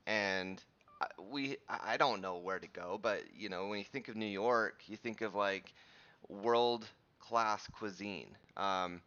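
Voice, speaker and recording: Male live-stream host, thirties, lower voice, rambling chatty delivery, muffled lo-fi audio. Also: measured pace, pushed and bright. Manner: chatty, rambling, frequent restarts and fillers. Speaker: host of a live crypto chart show. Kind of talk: casual live-stream chat and chart teaching.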